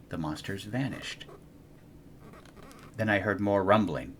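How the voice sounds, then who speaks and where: A young adult man reading a children's storybook aloud in an expressive, animated way. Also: on the low side, a little slow, pauses often, slightly rough. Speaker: storybook reader.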